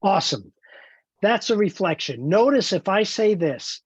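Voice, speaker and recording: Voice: mid-range voice, expressive, a little slow, husky, no room sound, lo-fi sound. A trainer leading an online training webinar, encouraging and explaining step by step over a video call.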